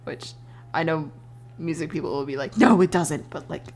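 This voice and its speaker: A young adult woman streamer chatting casually while she draws, telling animated stories, laughing often and swearing freely. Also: low voice, normal speed. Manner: animated storytelling with voiced quotes.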